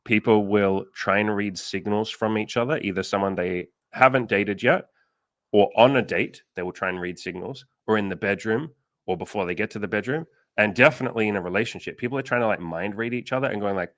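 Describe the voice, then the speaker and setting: A man's voice: on the low side, quick pace, a bit bright, no room sound. A man hosting a casual livestream as a dating coach, blunt and swearing casually, acting out the people he quotes.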